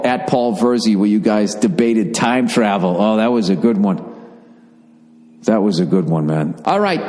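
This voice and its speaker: A man's voice: mid-range voice, a little mellow, in a large hall. A middle-aged man hosting a podcast, rambling casually and swearing as he reads out listener requests. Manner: rambling, profane, reading listener requests aloud. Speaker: podcast host.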